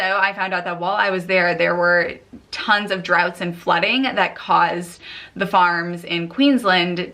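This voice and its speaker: A young American woman from the United States chatting to camera as a vlogger, animated and full of "like". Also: mid-range voice. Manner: chatty, animated storytelling, says "like" often. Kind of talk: casual to-camera chat.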